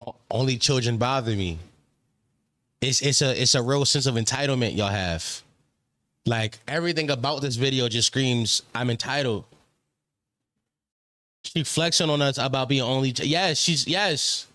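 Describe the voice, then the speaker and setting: A man's voice: mid-range voice, normal speed, pauses often, bright, forceful tone, no echo. A young man hosting a casual reaction stream, ranting in a profane, repetitive way.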